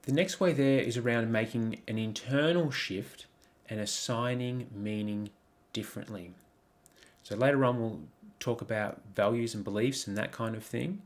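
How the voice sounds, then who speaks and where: A man giving a coaching talk over slides, reflective, posing many questions, with frequent ums and restarts. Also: medium pitch. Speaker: life coach.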